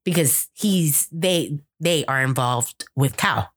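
A woman's voice: deep voice, takes it slowly. A young woman co-hosting a podcast in casual chat, rambling with lots of "like" and acting out quotes from the show. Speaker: podcast co-host.

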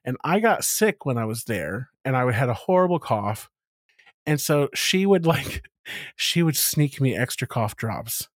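Man, podcast co-host, casual chat, self-mocking, laughs a lot, lively pitch, dry sound. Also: a little slow, no echo. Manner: candid, self-mocking, laughs often, acts out quotes.

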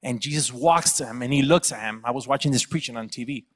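A man's voice: medium pitch, quick pace, fairly bright tone, big-room sound. A man preaching a sermon as a pastor, telling a story and acting out the people in it. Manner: storytelling, acting out quoted voices. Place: church.

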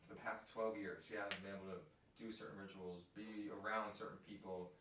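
A man leading a casual Bible discussion, reading scripture aloud with emphasis and getting excited. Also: on the low side, fairly quick. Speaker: podcast host leading Bible study. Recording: echoey room from a distance with light noise.

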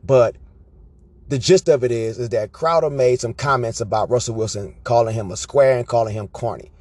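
A man with a husky voice tells casual stories to his viewers, animated and loose with his swearing. He is recorded dry and close, with no room around him. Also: medium pitch, moderate pace, no room sound. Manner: animated, profane, tag questions like "right?". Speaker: vlogger. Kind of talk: casual storytelling monologue.

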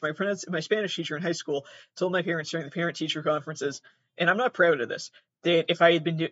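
A woman's voice: low voice, fairly bright tone, no echo. Young woman, podcast host, casual storytelling, self-deprecating, swears often, dry slightly muffled recording. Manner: rambling, self-deprecating, swears a lot, frequent restarts.

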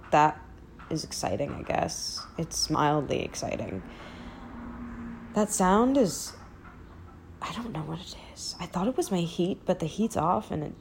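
A woman's voice: low-pitched, gravelly, darkish tone, slight background noise. A woman in her twenties talking casually and candidly on her own, rambling and self-deprecating with lots of fillers and swearing, recorded in her apartment. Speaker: podcast host. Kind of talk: casual solo chat. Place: old apartment, indoors.

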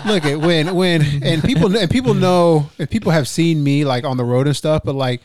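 A man's voice: on the high side, moderate pace, crowd noise. A young man hosting a podcast, chatting casually with his brother, laughing often and swearing freely. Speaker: podcast host. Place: studio.

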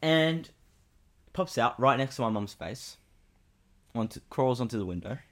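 A young man co-hosts a casual podcast and tells a story with plenty of energy. He rambles, restarts and leans on fillers. His voice sits at an ordinary middle pitch. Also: a little slow. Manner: animated, rambling, many "like"s. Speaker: podcast co-host.

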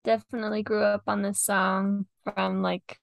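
A young woman chats easily about music, laughing often and filling her talk with "like". Her voice carries a gravelly fry and sits close on a dry mic. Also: mid-range voice, little pitch movement, normal speed, no echo. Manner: chatty, giggly, lots of "like". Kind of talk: casual chat reviewing songs.

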